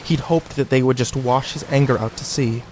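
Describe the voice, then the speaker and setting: A man narrating an audiobook in a measured, even storytelling manner. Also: mid-range voice, a little hiss or hum.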